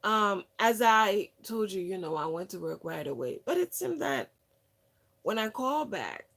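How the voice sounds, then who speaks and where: Slow, gravelly woman telling stories. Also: medium pitch. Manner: rambling, many fillers and restarts; lively retelling of others' words. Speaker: wellness channel host. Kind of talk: casual storytelling monologue.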